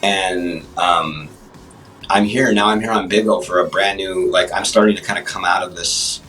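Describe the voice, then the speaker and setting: A man with a deep voice chats as a guest on a livestream show. He trips over his words and restarts a lot. He sounds a bit away from the mic, and faint music plays under him. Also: steady tone, pushed and bright, far from the mic, low-quality recording. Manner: halting, many restarts and fillers. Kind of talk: casual interview chat. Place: livestream app chat.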